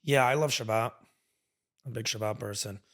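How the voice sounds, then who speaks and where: A man's voice: fairly low pitch, brisk, fairly bright tone. A male host in casual chat, easygoing and a little slangy. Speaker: podcast host.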